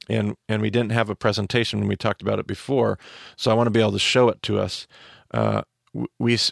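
A man teaching the Bible on a podcast, his voice heavily gravelly and fairly low. He explains with restarts and fillers and speeds up in asides. It is recorded dry and close on a studio mic. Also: no room sound.

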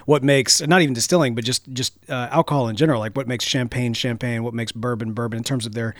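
A man co-hosting a casual podcast, rambling in an animated way with lots of "like" and "you know". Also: mid-range voice, quick pace, no echo. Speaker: podcast co-host. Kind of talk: casual chat.

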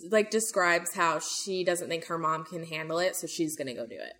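A woman's voice: lowish voice, normal speed, fairly bright tone. A young woman hosting a casual podcast, telling a true crime story with lots of "like" and "um" and acted-out quotes. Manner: chatty, lots of "like" and "um", acts out quotes.

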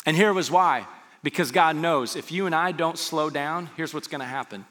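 A man's voice: on the high side, moderate pace, fairly bright tone. A man preaching as a pastor, talking to his listeners conversationally and asking them rhetorical questions. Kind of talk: sermon. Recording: long hall reverb.

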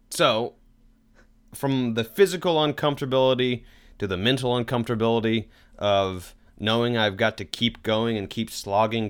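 A man's voice: on the low side, a bit bright, smooth. A man co-hosting a podcast in casual chat, rambling and self-deprecating. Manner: rambling, self-deprecating, tries joke accents. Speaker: podcast co-host.

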